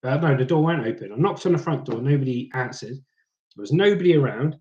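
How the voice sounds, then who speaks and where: A man's voice: mid-range voice, lively intonation, fairly quick, a little mellow, dull audio. A man, casually chatting and telling scrapping stories while reading comments on a live stream. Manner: chatty storyteller, slips into mock accents. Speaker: livestream host reading chat. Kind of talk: casual chat.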